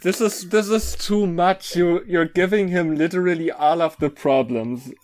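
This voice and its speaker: Guy riffing a fanfic, slow and puzzled, lots of trailing what?s. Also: sits high, darkish tone. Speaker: fanfic riff co-host. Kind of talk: casual riffing chat.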